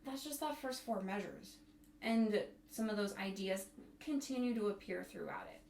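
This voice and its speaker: Woman bassoon teacher, mid-pitched, talks students through rhythms, roomy sound with light hiss. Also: expressive, normal speed, creaky, a little mellow. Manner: counts and sings rhythms aloud. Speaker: bassoon instructor. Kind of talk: music tutorial. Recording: echoey room, faint noise.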